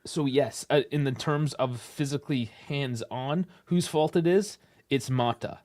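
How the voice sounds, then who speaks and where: A man's voice: medium pitch, a little mellow. Canadian man talking football bluntly. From Toronto, Canada. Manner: blunt, swears freely, heats up fast. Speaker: co-host. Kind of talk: casual call-in sports podcast chat.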